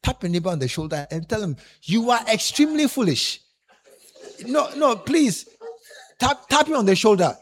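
This man preaches a sermon in a high-pitched, brisk voice. He's animated, repeats himself often, and tells the congregation to turn and tap their neighbors.

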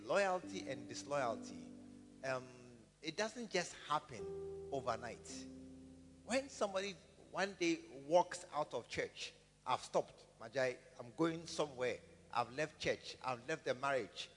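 A man preaching a sermon, telling stories, repeating phrases and calling for amens. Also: medium pitch. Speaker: pastor. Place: church. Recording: reverberant hall with guitar music.

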